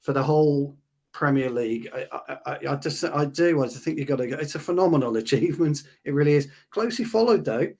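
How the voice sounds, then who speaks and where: A man's voice: fairly high pitch, animated, fast, creaky, a little mellow. Hesitant man with stammering restarts. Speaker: podcast co-host. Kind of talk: casual football chat.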